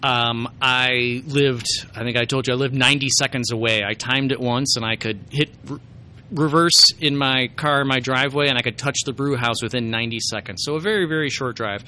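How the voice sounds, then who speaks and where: A man's voice: medium pitch, fairly even intonation, brisk, pushed and bright. A man answering as a brewmaster guest in a good-humored, chatty way. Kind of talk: casual interview answers.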